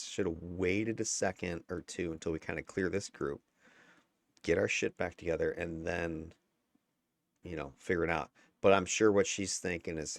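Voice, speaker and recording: A man's voice: sits low, gravelly, no room sound. A man giving a casual, candid breakdown of his own gameplay footage, chatty and given to chuckles and mild swearing. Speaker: gameplay commentator.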